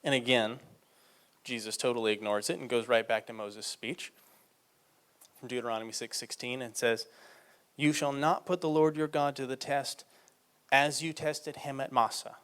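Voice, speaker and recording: A man with a mid-range voice and fairly even intonation gives a sermon. He reads scripture, explains it in an easygoing conversational manner, and emphasizes ideas by slowing down and speaking louder.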